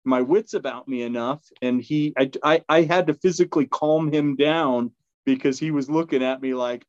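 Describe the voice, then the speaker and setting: A man's voice: moderate pace, no echo. A man telling a story in a casual, rambling way, with fillers, restarts and frequent laughs. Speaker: podcast guest. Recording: dull, dry low-fidelity sound.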